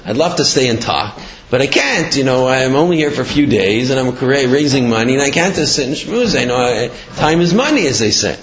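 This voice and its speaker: A man's voice: mid-range voice, lively intonation, brisk, a bit bright. A man voicing a busy fundraiser who makes excuses, in a dull, echoey recording. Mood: hurried.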